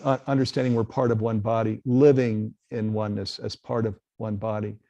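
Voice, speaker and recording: A man's voice: fairly low pitch, flat delivery, brisk, dark tone, no echo, lo-fi sound. A man hosting a live spiritual webcast, talking earnestly and reading viewer questions aloud. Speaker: host. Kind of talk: casual live webcast talk.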